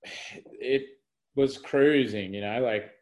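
A man's voice: mid-range voice, takes it slowly, a little mellow, rough recording. A young man telling a story as a podcast guest over a video call, rambling with lots of fillers and laughs. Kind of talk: casual storytelling in conversation.

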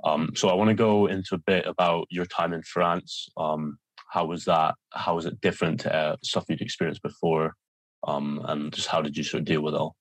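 A man hosting a podcast, asking relaxed questions with a few hesitant fillers. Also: very deep voice, moderate pace, no echo. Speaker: podcast host. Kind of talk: casual interview questions.

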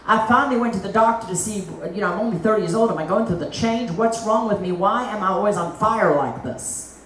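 A middle-aged woman evangelist gives a lively testimony sermon, full of folksy asides. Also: mid-range voice, brisk, a little hiss or hum. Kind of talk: testimony preaching. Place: church meeting hall. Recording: echoey hall, mic at a distance.

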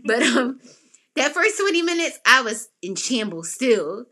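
Bright, lively woman telling a story. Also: unhurried. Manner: animated, acts out quotes with big pitch jumps. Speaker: podcast host. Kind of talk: casual personal storytelling.

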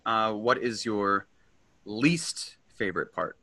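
Young dude, low but bright voice, lots of uh and like, teasing. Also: male voice, expressive, dry recording. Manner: halting, full of fillers and teasing jokes. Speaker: podcast co-host. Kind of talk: casual film chat.

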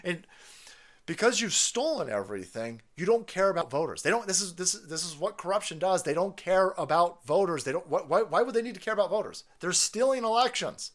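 A man's voice: high-pitched, animated, brisk. A man ranting on his stream as a political commentator, foul-mouthed, sarcastic and mocking. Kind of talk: profane political rant on a stream.

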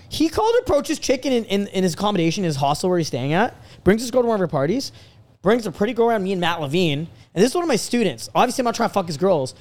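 Fast, brash high-voiced man. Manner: brash, profane, animated storytelling. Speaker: podcast host and dating coach. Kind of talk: casual podcast chat.

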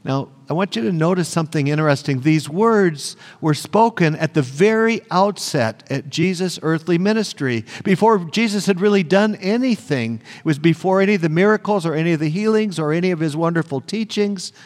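A man's voice: on the high side, expressive, brisk, hardly any pauses. Preacher man in a reverberant church. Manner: earnest, emphatic repetition. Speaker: pastor. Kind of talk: sermon.

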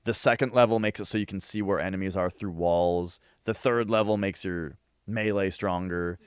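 A man in a casual podcast chat who rambles excitedly, with lots of fillers and restarts. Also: deep voice, moderate pace, clean tone, dry recording. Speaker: podcast co-host.

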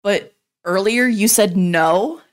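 A woman's voice: mid-range voice, slow. A woman with a faint Southern US accent, co-hosting a podcast in a rambling, filler-heavy chat with some swearing. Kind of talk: casual chat.

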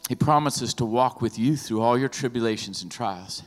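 A man preaching a sermon as pastor in an animated, lively way, often acting out the voices of the people in his stories. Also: medium pitch, moderate pace. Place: church sanctuary. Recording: long hall reverb with faint music.

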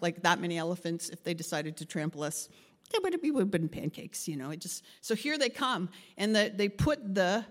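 A woman pastor preaching a sermon, telling a story with lively acted-out voices and frequent laughs. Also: mid-range voice, big-room sound. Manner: animated, acts out voices in her story, laughs often.

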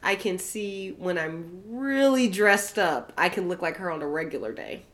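Laid-back young woman with a lowish voice. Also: animated, moderate pace, fairly bright tone. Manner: laid-back, giggly, agreeable. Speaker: podcast co-host. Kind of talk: casual chat.

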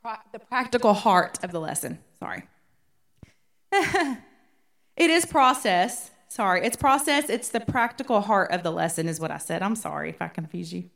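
A woman's voice: mid-range voice, sing-song, normal speed, creaky, fairly bright tone. A woman teaching a women's Bible study in a conversational way, often checking in with her listeners.

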